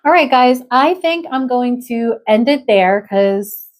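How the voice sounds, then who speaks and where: A woman's voice: on the high side, expressive, measured pace. A woman giving a live tarot reading in a chatty, exclamatory way, often checking in with "okay?". She says she is not feeling well. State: unwell. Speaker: tarot reader.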